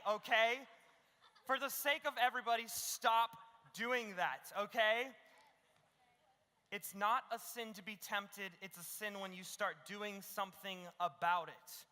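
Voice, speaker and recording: A man preaching a youth sermon with a high, bright, ringing voice. He is lively and joking, acting out little scenes and tagging his points with "okay?". His voice carries the long reverb of a large hall. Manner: keeps adding "okay?". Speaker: youth pastor.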